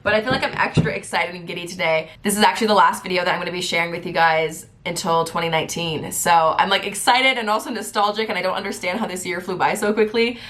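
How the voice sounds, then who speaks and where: A young woman presenting a casual gift guide vlog, talking fast in a giddy, excitable way. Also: lowish voice. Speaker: beauty vlogger.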